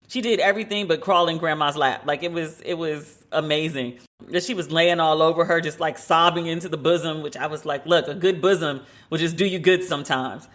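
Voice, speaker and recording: A woman's voice: deep voice, fairly bright tone. A woman hosting her podcast alone, chatting casually and with energy from her open-plan home loft, with many "like" fillers. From based in Los Angeles. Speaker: podcast host. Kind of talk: casual solo chat.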